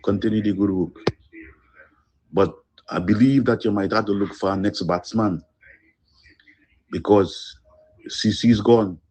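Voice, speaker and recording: Very low, slow man. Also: darkish tone, breathy edge. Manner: slow, heavy and earnest, with pauses. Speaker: caller leaving a voice note. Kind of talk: emotional condolence message.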